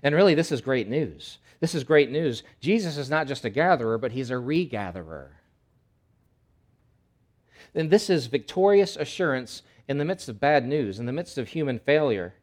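A male pastor preaching a sermon in an animated, conversational way, with emphatic repetition. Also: mid-range voice, normal speed.

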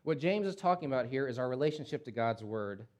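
A man preaching a sermon, emphatic and repetitive, with rhetorical questions and swings between loud surges and near-hushed lines. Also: expressive, quick pace. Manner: impassioned, surges loud and high, then drops to near-hush. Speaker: pastor.

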